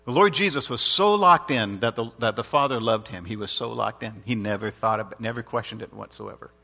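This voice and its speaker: A man's voice: lowish voice, brisk, vocal fry, sharp tone. A man preaching a sermon in an earnest, emphatic way, repeating his points and asking rhetorical questions.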